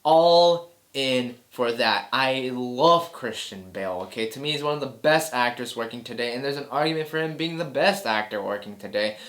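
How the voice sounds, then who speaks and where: A man hosting a casual movie chat at an ordinary, mid-range pitch. He talks with easy enthusiasm and keeps restarting his sentences and repeating words as he works through his opinions. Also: a little fast, hardly any pauses, sharp tone. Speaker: host of a movie news chat show.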